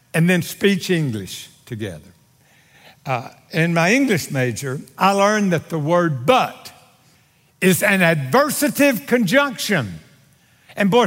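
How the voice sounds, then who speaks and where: A high-voiced male pastor preaches in a big, echoing sanctuary. His delivery is slow and dramatic, with wide swings up and down in pitch. He teases his listeners with wry humor. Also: a bit bright. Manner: wry humor aimed at the congregation. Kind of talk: sermon. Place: church sanctuary. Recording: long hall reverb from a large sanctuary.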